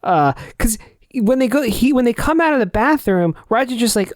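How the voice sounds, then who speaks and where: A man's voice: high-pitched, lively intonation, moderate pace, no echo, clean studio sound. A man co-hosting a podcast, chatting casually about a movie in an incredulous tone and laughing often. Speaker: podcast co-host.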